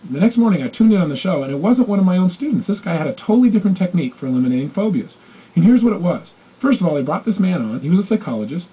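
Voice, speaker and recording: Animated, fast-talking male motivational speaker. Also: high-pitched, breathy edge. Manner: animated, acts out quoted voices. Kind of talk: motivational storytelling talk. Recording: dull lo-fi recording.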